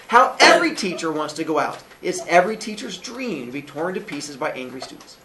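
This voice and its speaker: A young man teaches his class, telling a story playfully and slipping in voices for the characters. His pitch swings widely, and the room gives an echoey sound over a faint background hiss. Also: sing-song, fairly quick, hardly any pauses, sharp tone, distant mic.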